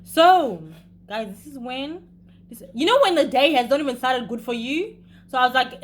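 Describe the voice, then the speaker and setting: A young woman vlogger telling a story in a casual, animated way, talking fast with bursts of emphasis. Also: on the high side.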